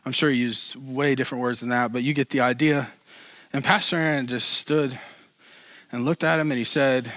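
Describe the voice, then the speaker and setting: A man's voice: mid-range voice, fairly even intonation, normal speed, fairly bright tone, dry recording. A man pastor giving a conversational sermon, mixing joking asides with emphatic preaching.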